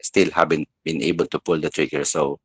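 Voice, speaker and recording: A man's voice: rumbling low, level tone, brisk, husky, dry recording. A man in his forties calling in to a show, hesitant and polite. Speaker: caller. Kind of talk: phone-in call.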